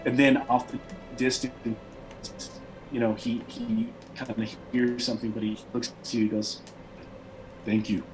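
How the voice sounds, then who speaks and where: A man's voice: medium pitch, level tone, normal speed, music in the background, poor audio. A man narrating a tabletop game as game master, with a rambling, loose delivery. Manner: rambling, many fillers and restarts.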